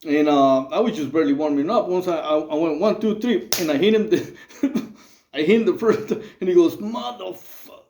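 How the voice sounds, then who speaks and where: Hosting his own channel, a man delivers a casual monologue to camera in a slightly high, darkish voice that's a little fast and reverberant. His talk is loose, rambling and streetwise, packed with fillers.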